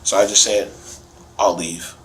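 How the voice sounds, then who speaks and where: A man's voice: sits low, little pitch movement, a little slow, a bit bright, slight background noise, rough recording. A man, a father, casually and emotionally recounting events in a police interview. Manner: casual, rambling, emotional retelling.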